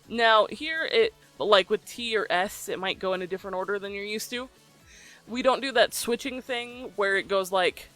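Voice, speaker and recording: A voicebank creator talking through a recording tutorial in a relaxed, chatty way, often pausing with ums. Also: mid-range voice, soft background music. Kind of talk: casual tutorial explanation.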